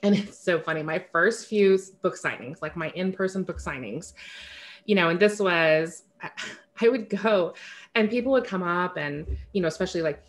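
A woman's voice: fairly low pitch, normal speed. Chatty, candid woman author. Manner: chatty, candid, frequent fillers and self-corrections; laughs at herself often. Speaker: author, interview guest. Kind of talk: casual interview conversation.

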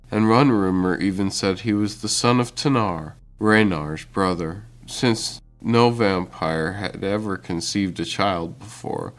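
A man narrating an audiobook chapter with steady, unhurried reading. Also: low voice. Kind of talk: scripted narration.

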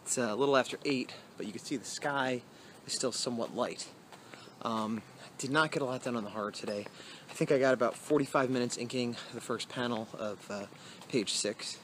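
A man's voice: medium pitch, a little fast, a bit bright, a little hiss or hum. A man vlogging casually outdoors on an evening walk, rambling and self-deprecating, with many fillers. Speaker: comic artist vlogger. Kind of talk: casual vlog talk.

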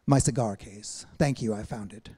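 A man's voice: on the low side, moderate pace, warm tone, slightly rough. A man reading aloud and voicing a weary male poet who answers with dry, facetious understatement. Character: wry, weary male poet, gently ironic.

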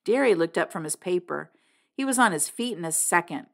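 A woman's voice: fairly low pitch, animated, fairly quick, creaky. A woman reading a novel aloud, narrating expressively in the first person. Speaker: reader.

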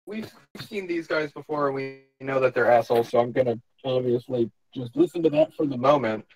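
A man's voice: medium pitch, sing-song, a little fast, a little mellow, low-quality recording. Casual swearing male player. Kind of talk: casual tabletop game chat.

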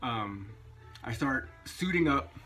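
A man's voice: mid-range voice, animated, slow pace, pushed and bright, soft background music. A man vlogging, telling a personal anecdote in a chatty, casual way. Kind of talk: casual storytelling vlog.

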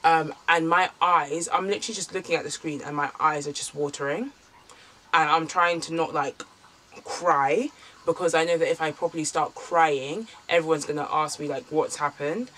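A woman's voice: low-pitched, fairly even intonation, moderate pace, a bit bright. A young woman casually telling a personal story for her vlog, candid and chatty with lots of filler words. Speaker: vlogger.

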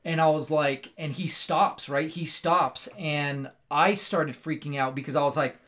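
A man hosting a casual movie review, telling the story in an animated, rambling way with lots of fillers and tag questions. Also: on the high side, unhurried, hardly any pauses. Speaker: movie review show host.

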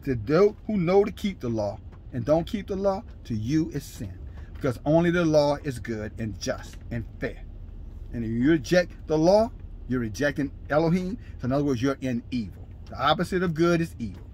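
A man preaching a fiery, scolding sermon, shouting scripture in bursts at his listeners. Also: a little high, lively intonation, normal speed, slight background noise. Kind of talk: fiery street-style sermon.

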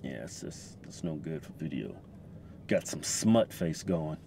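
A playful man bantering from the driver's seat, his voice swinging up and down as he jokes. Steady road and engine noise sits clearly behind him in the car. He laughs easily between lines. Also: very deep voice, measured pace. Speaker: co-host. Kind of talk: casual joking banter. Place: inside a car at a drive-thru.

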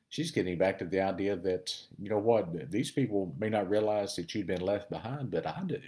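A man giving a conversational Bible lesson, explaining verses and thinking aloud with pauses and fillers. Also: low voice, darkish tone. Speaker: Bible teacher. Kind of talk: sermon-style Bible teaching.

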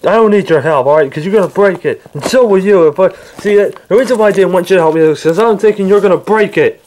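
A man acting out a home-made toy skit, bickering with himself in several voices, jumping between shouted yelps and low grumbles. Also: quick pace, slight background noise.

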